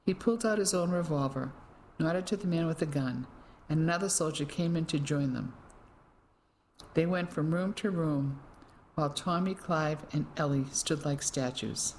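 A woman narrating an audiobook in a measured, dramatic way. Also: sits low, darkish tone, a little hiss or hum, low-quality recording. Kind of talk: scripted narration.

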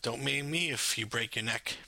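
A man's voice: mid-range voice, moderate pace, gravelly, pushed and bright, no echo, full character voice. A man voicing a mischievous boy from his childhood, speaking in an offhand, teasing way.

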